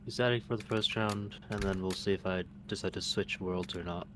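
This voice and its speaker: Low-voiced man explaining tactics. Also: fairly even intonation, fairly quick, background noise. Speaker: training organizer giving instructions. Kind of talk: casual voice chat during a game.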